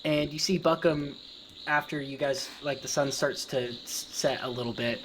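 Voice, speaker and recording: Rambling tabletop game master. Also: male voice, mid-range voice, steady tone, normal speed, fairly bright tone, a little hiss or hum. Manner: rambling, filler-heavy narration.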